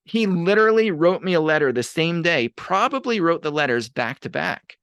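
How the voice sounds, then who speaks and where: A man's voice: a little high, normal speed, smooth, no room sound, studio quality. A man, a podcast guest, telling stories in casual conversation and acting out the voices of people he quotes. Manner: animated, acts out quoted voices. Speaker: podcast guest, abuse advocate.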